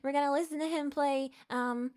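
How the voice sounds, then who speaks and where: A woman's voice: high-pitched, fairly even intonation, moderate pace, darkish tone. A woman hosting a casual live stream, rambling with lots of fillers, giggling and greeting viewers. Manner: rambling, with many fillers and restarts. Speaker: VTuber streamer host.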